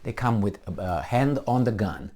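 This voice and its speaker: A man's voice: on the low side, expressive, moderate pace, heavy background noise. A middle-aged man giving a combative, sarcastic commentary full of rhetorical questions. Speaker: political commentator. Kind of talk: ranting commentary.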